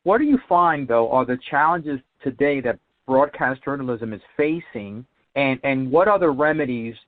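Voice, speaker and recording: A man hosts a talk show and speaks earnestly, with a motivational bent. His voice sits at a middle pitch. The sound is dry and thin, like a phone line. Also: expressive, moderate pace, dry recording. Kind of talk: casual interview.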